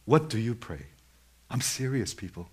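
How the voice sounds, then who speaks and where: A man's voice: mid-range voice, big pitch swings, moderate pace, darkish tone, breathy edge. A man preaching a sermon who questions his listeners directly and repeats his points for emphasis.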